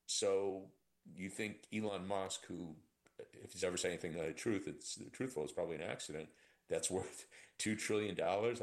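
Deep-voiced man, sardonic economic commentary. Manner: animated, sardonic, with frequent fillers and restarts. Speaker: economist guest. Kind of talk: conversational expert commentary.

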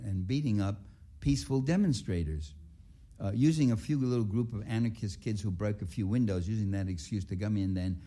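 A man speaks to an audience in a low, warm voice. He tells his stories in a rambling way, with restarts and asides, and he sounds indignant as he goes. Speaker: writer and activist speaker. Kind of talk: public talk with anecdotes.

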